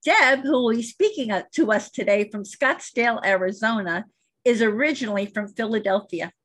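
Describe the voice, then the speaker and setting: Husky-voiced woman podcast host. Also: on the high side, normal speed, fairly bright tone. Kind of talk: scripted introduction and interview questions.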